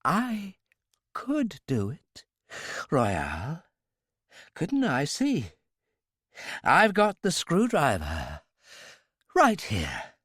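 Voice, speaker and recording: A male narrator puts on a merciless hero bent over his captive. He speaks slowly and quietly, with chilling calm and lively pitch, recorded dry and close. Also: husky, no echo, heavily acted. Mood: cold menace. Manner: quiet, implacable, menacing. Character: cold, ruthless male hero interrogating a captive.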